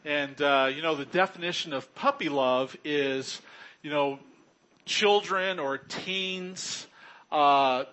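A man's voice: fairly high pitch, slow, pushed and bright. A middle-aged man preaching a sermon in a chatty, joking way, often chuckling. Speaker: pastor.

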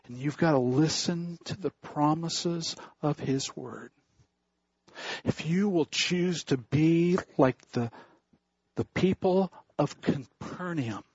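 A male pastor preaching a sermon in a church, telling stories in a slow, deliberate way, with a husky voice. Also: a little high, dry recording. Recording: dull dry recording.

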